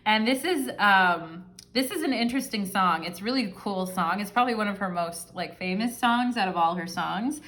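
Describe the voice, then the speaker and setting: A woman's voice: mid-range voice, lively intonation, moderate pace, few pauses, a bit bright. A woman giving a casual pick-a-card tarot reading, talking straight to her viewers in a chatty, affectionate way with a lot of fillers. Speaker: tarot reader.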